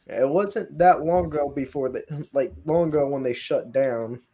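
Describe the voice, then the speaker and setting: A man recounts paranormal investigations in a casual, rambling way, full of fillers and restarts. His voice is mellow and fairly high for a man. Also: normal speed, husky. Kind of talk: casual storytelling.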